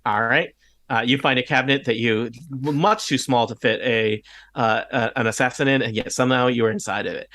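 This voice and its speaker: A man acts as game master narrating a tabletop game, relaxed and hesitant with lots of fillers. His voice is medium-pitched and a little fast, with no room sound.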